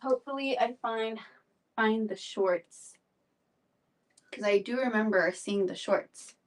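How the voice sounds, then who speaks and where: A woman's voice: on the high side, takes it slowly, distant mic. A woman selling clothes on a live stream, chatting and rambling with fillers and repeats, a little out of breath. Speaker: live shopping seller. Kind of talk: live-stream sales chat.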